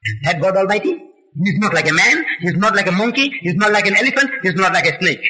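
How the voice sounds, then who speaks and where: A man's voice: sits high, big pitch swings, quick pace, pushed and bright, rough recording. A man giving an impassioned religious lecture, emphatic and rhetorical, pressing his listeners with questions.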